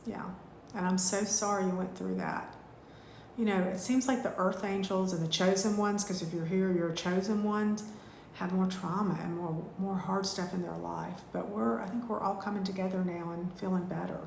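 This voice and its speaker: A woman, teaching a live online spiritual class in a gushing, heartfelt way with drawn-out thank-yous. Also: medium pitch, fairly even intonation, vocal fry, a little mellow, a little hiss or hum. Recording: echoey room.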